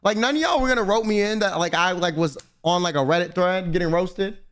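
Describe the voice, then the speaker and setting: A young man streaming, chatting casually and swearing, slangy and animated as he rants to his chat. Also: high voice, a little fast, clear, resonant tone.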